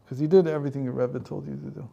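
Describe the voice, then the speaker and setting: A man's voice: mid-range voice, steady tone, racing, creaky, dark tone, lo-fi sound. A man voicing a heavenly tribunal that judges a soul in a matter-of-fact, emphatic way. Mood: judging.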